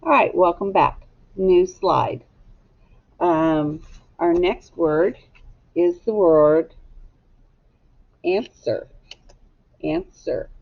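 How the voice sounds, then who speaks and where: A woman teacher walks young children through a recorded phonics lesson, spelling each word slowly and deliberately. Her voice has a gravelly, creaky edge, and the recording sounds dull and lo-fi. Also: lowish voice.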